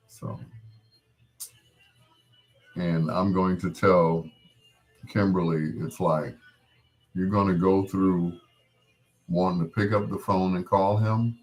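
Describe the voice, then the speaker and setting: A middle-aged man hosting a casual talk show, gently consoling a grieving listener in a meandering way with frequent restarts. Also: low voice, fairly even intonation, slow pace, long pauses, faint music behind. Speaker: host.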